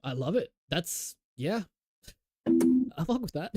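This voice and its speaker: Mellow man, eager podcast host. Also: on the high side, wildly swooping pitch, takes it slowly, breathy edge, no room sound, studio quality. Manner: enthusiastic, loose and joking. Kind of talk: casual podcast chat.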